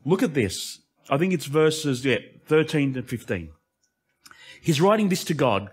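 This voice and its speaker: A male pastor preaching an impassioned sermon that swings between emphatic lines and hushed asides. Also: fairly high pitch, lively intonation, measured pace, breathy edge.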